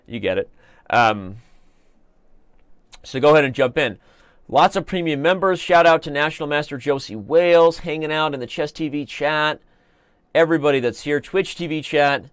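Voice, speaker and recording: A man's voice: fairly high pitch, smooth, no room sound, studio quality. A man hosting a live chess stream, commenting on games in a playful, joking way. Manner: playful, joking, fast-moving.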